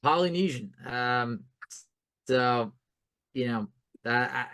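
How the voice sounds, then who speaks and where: A male co-host talks through a casual sports podcast in a rambling, self-deprecating way. His sentences stop and restart often, and his voice sits at an ordinary middle pitch. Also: slow, pushed and bright, smooth.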